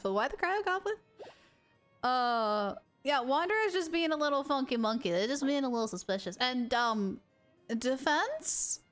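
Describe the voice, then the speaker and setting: A young woman game streamer talking to her live chat in an excitable, gushing, giggly way. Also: sits high.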